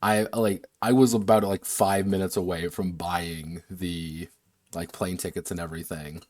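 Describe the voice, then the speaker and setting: An American game designer streams a workshop, chatting casually about designing games while rambling, laughing and swearing freely. His low voice is flat and a little mellow, at a measured pace.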